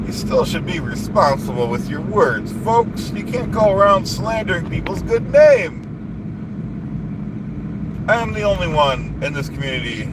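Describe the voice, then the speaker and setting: A high-voiced man rants on a live stream, boastful and indignant, circling back to the same complaints again and again. Steady noise from outdoors and passing vehicles sits under his voice. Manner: boastful, indignant, repeats himself.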